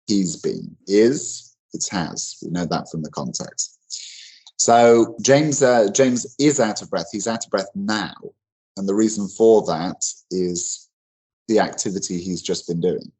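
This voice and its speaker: A man's voice: low voice, measured pace, darkish tone, husky, poor audio. A man teaching English grammar in an online lesson, explaining in a loose conversational way with many fillers and restarts.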